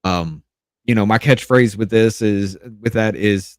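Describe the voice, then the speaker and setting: A man with a lowish voice, talking on a podcast close to the mic in a dry, dead room. He tells his story in loose, restarting phrases and swears freely. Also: measured pace, no echo. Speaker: podcast co-host. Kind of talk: casual podcast chat.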